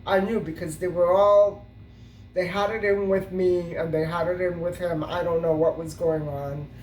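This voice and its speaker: A woman's voice: fairly low pitch, fairly even intonation, moderate pace, darkish tone, a little hiss or hum. Rambling woman vlogger, roomy and distant. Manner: rambling, with many fillers and restarts. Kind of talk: casual storytime monologue.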